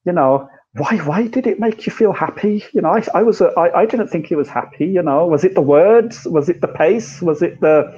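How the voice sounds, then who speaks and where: A man's voice: a little high, darkish tone. A man in a reflective conversation, talking animatedly and rhetorically, often checking in with "right?" and "you know". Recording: dull lo-fi sound.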